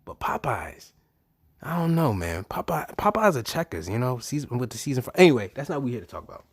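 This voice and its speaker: A man hosting his own podcast in a casual, profane monologue, swinging between low murmurs and loud animated bursts. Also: brisk, husky, dry recording, clean studio sound. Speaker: podcast host.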